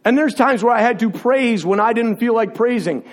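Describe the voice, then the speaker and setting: A male preacher with a notably high voice delivers an impassioned sermon. He speaks in a confessional tone and builds momentum through repeated phrases. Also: normal speed, few pauses.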